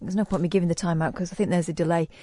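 A woman's voice: lowish voice, steady tone, racing, warm tone. A woman co-hosting a late-night radio show, dry and teasing in a matter-of-fact way. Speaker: radio co-host.

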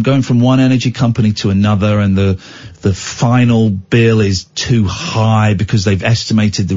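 A British man hosting a radio show, telling stories in casual on-air chat, exclaiming and mimicking the people he quotes. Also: medium pitch. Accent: British English. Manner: animated storytelling, imitating others, exclaiming. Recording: dull lo-fi radio sound.

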